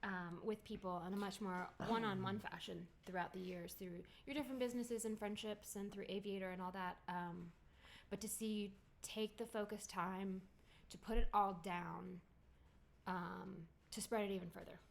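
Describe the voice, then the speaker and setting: A woman at home, the author's wife, speaking quietly and heartfelt on a live stream, then reading a chapter aloud while close to tears. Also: medium pitch, fairly even intonation, moderate pace, creaky. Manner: soft-spoken, heartfelt, tearful. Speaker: author's wife, guest reader.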